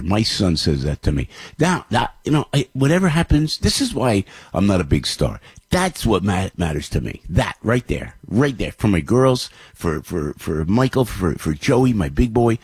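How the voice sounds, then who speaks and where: A man's voice: on the low side, a little mellow, husky, no echo. A middle-aged man, hosting and telling a rambling, emotional personal story with frequent repeats and chuckles. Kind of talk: casual storytelling monologue.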